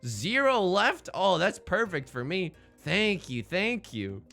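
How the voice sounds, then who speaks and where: A young man streaming a tile game, rambling and self-deprecating as he thinks out loud. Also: high-pitched, sing-song, slow pace, creaky, soft background music. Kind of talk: casual game commentary.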